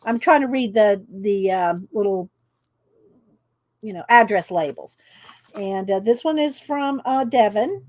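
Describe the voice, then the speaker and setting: A woman's voice: mid-range voice, expressive, a little slow, pauses often, no echo. A woman, chatting casually on a livestream and reading cards aloud, stumbling over names as she goes. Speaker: channel host.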